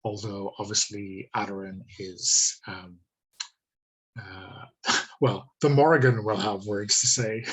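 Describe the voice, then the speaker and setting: Slow, hesitant game master. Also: male voice, lowish voice, low-quality recording. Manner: hesitant, many ums, easy laughs. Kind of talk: running a tabletop game online. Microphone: video call.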